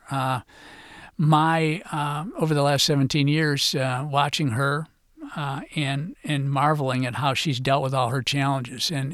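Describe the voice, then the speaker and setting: A man's voice: fairly high pitch, dry recording. Hesitant older man, dry close sound. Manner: hesitant, halting, trailing off quietly. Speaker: author and guest. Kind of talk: radio interview answers.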